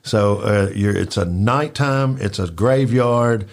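A man's voice: on the low side, slow. A man telling rambling stories in casual chat, full of fillers and acted-out quotes. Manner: rambling, animated, acts out quotes with filler words. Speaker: storyteller recalling work at a club.

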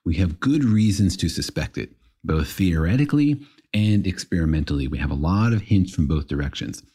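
Deep husky man explaining physics. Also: animated, a little fast, dark tone. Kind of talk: casual science podcast explanation.

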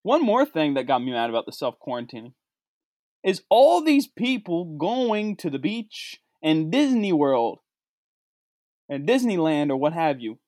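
A man delivering a sarcastic comedic rant, swinging between low mutters and high outbursts. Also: big pitch swings, measured pace, darkish tone, no echo, studio quality. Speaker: comedic vlogger.

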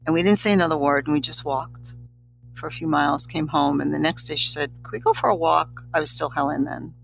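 A woman's voice: low voice, fairly even intonation, quick pace, vocal fry, low-quality recording. A middle-aged woman, a guest on an interview show, telling a personal story in a reflective, slightly teary way. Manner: emotional, reflective, a little teary.

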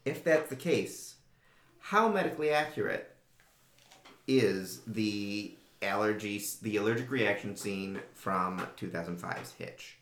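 A man's voice: lowish voice, expressive, measured pace, a bit bright, echoey room. A man co-hosting a podcast, asking questions with dry joking in casual chat. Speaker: podcast co-host.

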